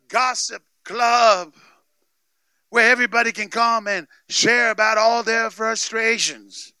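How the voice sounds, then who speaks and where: A man preaching a sermon with emphatic call-and-response, often shouting for emphasis. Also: very high voice, dry recording. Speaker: pastor.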